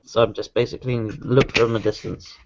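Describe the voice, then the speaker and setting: A man's voice: lowish voice, fairly even intonation, fairly quick, gravelly, muffled recording, slight background noise. A man playing a tabletop game, talking casually and easygoing, a bit distracted. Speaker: player.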